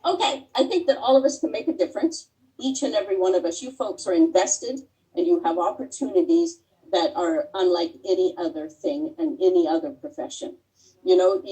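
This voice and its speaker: A middle-aged woman shares her own story as a guest speaker, earnest and heartfelt, often pausing with small fillers as she gathers her thoughts. She sits back from the microphone on a video call, so her voice sounds a little distant. Her pitch sits in an ordinary middle range. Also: mellow. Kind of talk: personal testimony talk.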